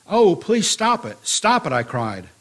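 A man's voice: on the low side, measured pace, a bit bright, slightly rough, voice pushed down. A man voicing a talking teacup that cries out and begs to be left alone. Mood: pleading. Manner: pleading, cries out under each ordeal. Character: suffering talking teacup, whiny and pleading.

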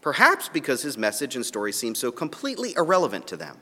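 A man preaching a sermon and reading scripture aloud, his delivery swinging from soft asides to emphatic, raised points. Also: mid-range voice, wildly swooping pitch, quick pace, slightly rough, in a large hall. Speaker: pastor.

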